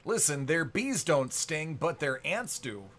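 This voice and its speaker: A man's voice: a little high, big pitch swings, unhurried, a bit bright. A man hosting a sports card break livestream, chatting and joking casually with his viewers.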